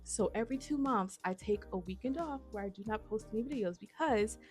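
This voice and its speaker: A woman vlogging about her writing, chatting casually and excitedly to her viewers and often calling them y'all. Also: medium pitch, brisk, soft background music. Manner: gushing, excitable, says y'all a lot. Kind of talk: casual chat to camera.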